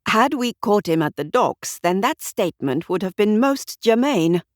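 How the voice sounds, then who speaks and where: A woman voicing a calm, formal male detective with a precise, measured manner, in an audiobook mystery. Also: sits high, no room sound, studio quality. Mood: dry.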